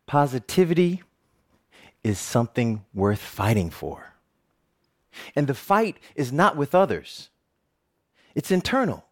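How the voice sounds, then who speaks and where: A man's voice: medium pitch, big pitch swings, takes it slowly, pauses often. A middle-aged man giving a personal storytelling speech, humorous and self-mocking. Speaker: TV reporter giving a talk.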